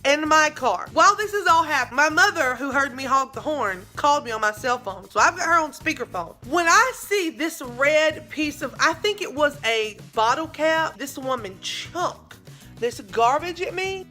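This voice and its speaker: A young woman telling a dramatic story in a casual vlog, with lively asides to her viewers. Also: high-pitched, normal speed. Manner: animated, dramatic retelling with asides. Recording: faint background music.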